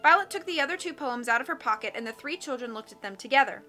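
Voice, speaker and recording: A woman reading a children's novel aloud in steady storybook narration. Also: sits high, fast, soft background music. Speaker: audiobook reader.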